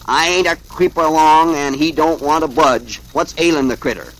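Male reader doing a tough, bossy cartoon rabbit: loud, drawled. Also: fairly high pitch, normal speed, pitched above the performer's own voice, lightly acted, poor audio.

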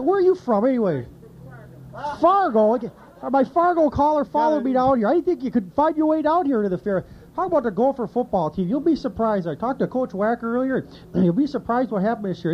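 A man doing an impression of a rambling older male sportscaster who clears his throat and jumps between topics, on an outdoor fair stage. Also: extremely high pitch, lo-fi sound, slight background noise. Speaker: impression contest contestant.

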